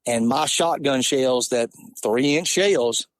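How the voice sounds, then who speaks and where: A man, telling an animated, laughing hunting story in casual talk. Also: medium pitch, slow pace, dry recording. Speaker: podcast guest.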